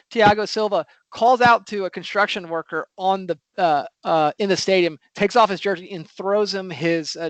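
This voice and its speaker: A man's voice: fairly high pitch, dry recording. Chatty man hosting a football podcast. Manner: animated, rambling, lots of fillers. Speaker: podcast host. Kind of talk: casual football podcast chat.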